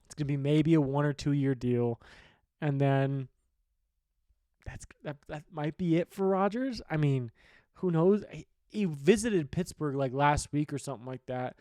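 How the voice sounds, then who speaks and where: A man's voice: a little high, moderate pace, dark tone, no echo, studio quality. A man hosting a sports podcast, talking football news in a rambling, opinionated way and swearing casually. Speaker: sports betting podcast host.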